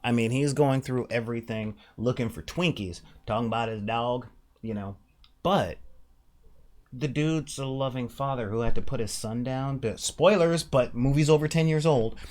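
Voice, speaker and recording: A man hosting a casual monologue about tabletop gaming, emphatic and animated, slipping briefly into mock voices to make a point. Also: medium pitch, normal speed. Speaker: podcast host.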